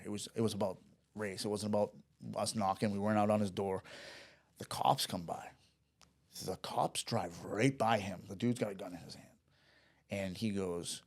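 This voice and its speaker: A man's voice: fairly low pitch, fairly even intonation, fairly quick, vocal fry, a little mellow. A man telling a story in a casual chat, rambling and profane, with restarts and acted-out dialogue. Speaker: podcast guest.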